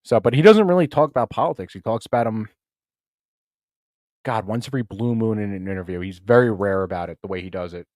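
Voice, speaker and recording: Low-voiced profane podcast host, dry. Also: male voice, fast, a little mellow, no room sound. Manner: loose and profane, with offhand impressions. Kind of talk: casual podcast chat.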